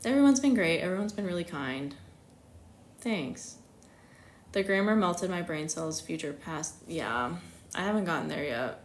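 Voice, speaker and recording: A woman's voice: fairly low pitch, lively intonation, moderate pace. A young American woman chatting casually on a live stream, giggling often and acting out quotes with big jumps in her voice. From United States. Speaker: astrologer hosting a live stream. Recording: echoey room, faint hiss.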